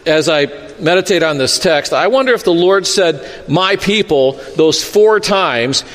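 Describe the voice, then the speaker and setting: A man preaching a sermon as pastor, telling a Bible story with lively acted-out quotes and asides. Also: a little high, unhurried, long reverb tail.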